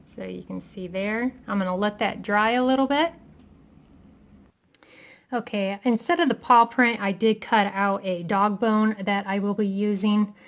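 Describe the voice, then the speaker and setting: Slow gravelly woman crafting, out of breath. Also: medium pitch. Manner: chatty, self-deprecating, talking while working. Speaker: crafting tutorial maker. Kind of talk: casual craft tutorial.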